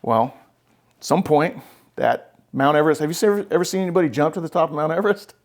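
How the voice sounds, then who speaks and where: A man's voice: a little high, fast. A man hosting a podcast as a therapist, talking bluntly and with swearing, and often checking in with "right?". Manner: blunt, profane, emphatic, keeps checking with "right?". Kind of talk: casual podcast conversation.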